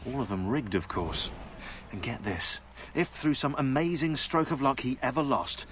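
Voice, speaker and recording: An actor playing a wry video game narrator with a mid-pitched voice. He delivers the database entry in a dry, sardonic tone, scripted and polished. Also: normal speed, fairly bright tone, slight background noise, lightly acted.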